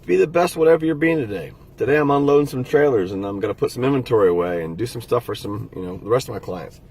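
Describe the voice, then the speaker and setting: A middle-aged man with a husky, slightly breathy voice at a middle pitch. He speaks to camera in a casual vlog, sounding direct, earnest and heartfelt as he encourages his viewers. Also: expressive, quick pace, darkish tone. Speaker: motivational vlogger. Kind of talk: casual motivational talk to camera.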